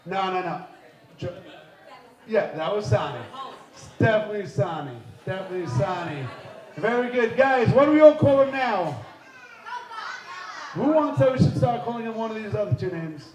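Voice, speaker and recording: A man hosting a live quiz game at a party, energetic and playful, shouting out countdowns to the crowd. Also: high voice, normal speed, pauses often. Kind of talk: lively live event hosting. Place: large indoor party hall. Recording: echoey hall with music and crowd.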